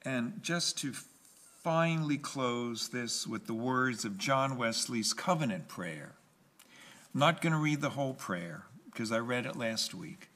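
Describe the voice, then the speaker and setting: Man, pastor, sermon, slow delivery, emphatic pauses, repetition. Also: mid-range voice, expressive, a bit bright.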